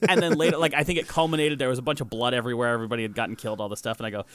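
Brief: young male podcast host, casual storyteller, swears and laughs freely, medium pitch, dry close-miked sound. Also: steady tone, rapid-fire, a bit bright, dry recording.

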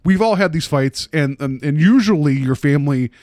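A man's voice: on the high side, animated, normal speed, darkish tone, no room sound. A man in his thirties chatting casually on a podcast, telling stories in a wry, self-deprecating way. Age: 30s. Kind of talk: casual chat.

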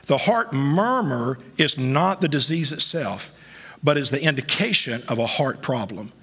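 Husky, animated male pastor preaching. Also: medium pitch, unhurried. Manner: emphatic preaching that swings between quiet asides and loud climaxes. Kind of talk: sermon. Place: church sanctuary. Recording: long church hall reverb.

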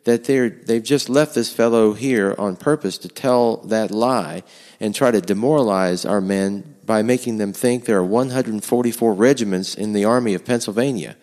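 A man putting on an excitable townsman with a hot temper, his voice pushed well above the performer's own low register. The indignant lines ring out in a hall with a long echo. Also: normal speed, lightly acted. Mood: furious. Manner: shouting, worked-up indignation.

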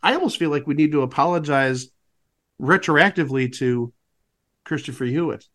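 A wry man co-hosting a podcast, his high voice bouncing through a lively range. He meanders through comedic asides in a casual, chatty way. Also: normal speed. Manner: wry, rambling asides with fillers. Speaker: podcast co-host.

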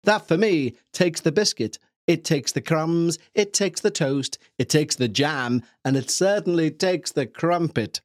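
A man's voice: fairly high pitch, a little slow, hardly any pauses, dry recording, clean studio sound. A man hosting a podcast at home on his couch, reading a story aloud with jokey, rambling asides. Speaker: podcast host. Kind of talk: casual chat and story reading.

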